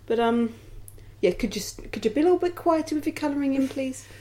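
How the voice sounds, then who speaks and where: Female podcast co-host from England, slightly high voice, relaxed dry humour. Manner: easygoing, dry, reads labels aloud slowly. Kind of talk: casual chat.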